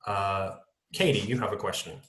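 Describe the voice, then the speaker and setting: A man's voice: on the low side, normal speed, fairly bright tone, roomy sound. A man, teaching on a video call and answering student questions with many ums. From North-West England. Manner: hesitant, many ums and kind-ofs. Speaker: English teacher.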